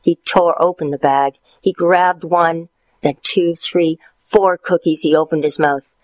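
A man narrating a storybook in a playful, expressive way, lifting his voice for the characters. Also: measured pace, no echo, rough recording. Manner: playful, expressive, jumps higher for character quotes.

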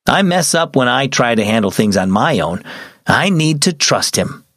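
A weary, gentle father, played by a male narrator, speaking calmly and reassuringly. The delivery moves with lively shifts of pitch. It is recorded close and dry, with no room sound. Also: moderate pace, dry recording. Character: tired, gentle father, middle-aged.

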